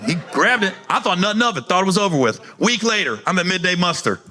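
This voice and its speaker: A man doing stand-up comedy, telling profane, animated stories and acting out the people in them. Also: high-pitched, fast. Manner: animated, profane, acts out characters in quotes.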